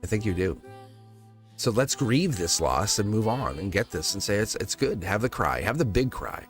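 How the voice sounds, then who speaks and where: A man giving a live-stream tarot reading, teasing and animated, laughing often and acting out quotes. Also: on the low side, normal speed, soft background music. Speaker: tarot reader.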